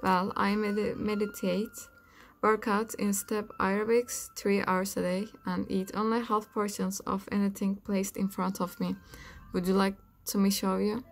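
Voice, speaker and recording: A woman's voice: mid-range voice, flat delivery, measured pace, natural voice. A woman voicing an earnest, preachy young Snow White in a comic storybook.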